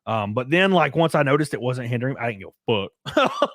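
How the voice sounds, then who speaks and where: A laid-back man with a Southern US rural drawl talks loosely to his stream chat, swearing freely as he goes. His voice sits at an ordinary pitch for a man, and the sound is dry and close to the mic. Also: expressive, brisk, fairly bright tone, no echo. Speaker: streamer reading super chats. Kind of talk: casual livestream chat.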